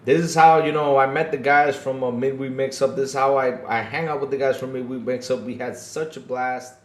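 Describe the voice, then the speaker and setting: A man hosting a casual gaming podcast, laid-back and chuckling, often repeating himself and tagging his lines with "though". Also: medium pitch. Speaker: podcast host. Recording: echoey room.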